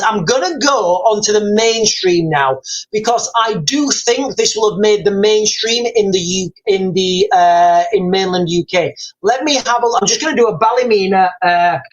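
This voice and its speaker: A man's voice: high-pitched, poor audio. A man hosting a live stream, talking casually, rambling and repeating himself as he reads out viewer comments.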